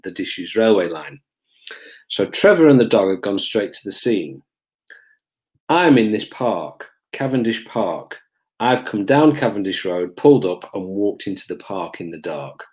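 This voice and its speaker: Middle-aged man, lowish voice. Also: normal speed. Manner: relaxed, hesitant with frequent ums, acts out voices in stories. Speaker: police officer recounting his career. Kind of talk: casual storytelling to camera.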